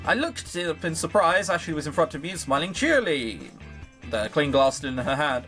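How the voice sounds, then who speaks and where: A man's voice: on the high side, lively intonation, moderate pace, fairly bright tone, faint music behind. A man reading a visual novel aloud for a video, with wry, sarcastic asides of his own. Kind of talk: reading aloud with joking commentary.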